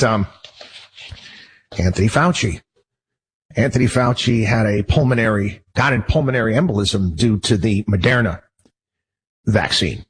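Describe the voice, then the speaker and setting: Male host, husky, heated rambling monologue. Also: on the low side, poor audio. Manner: heated, rambling, many restarts. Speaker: show host. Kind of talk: personal monologue.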